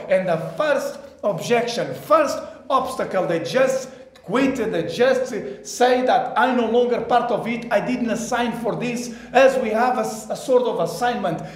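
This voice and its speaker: A man preaching at a church service, his voice sitting high for a man. He asks rhetorical questions and swings between hushed passages and raised ones. The sound carries a roomy church reverb. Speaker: pastor. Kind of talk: sermon.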